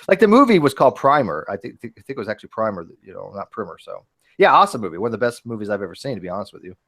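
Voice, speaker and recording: A man hosting a casual podcast chat, talking in animated bursts with frequent restarts and casual swearing. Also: lowish voice, rapid-fire. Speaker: host.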